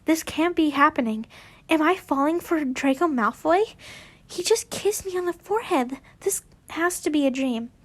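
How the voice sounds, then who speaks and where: A woman's voice: sits high, lively intonation, normal speed, pitched above the performer's own voice. A woman reading as a smitten teenage boy wizard. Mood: wondering.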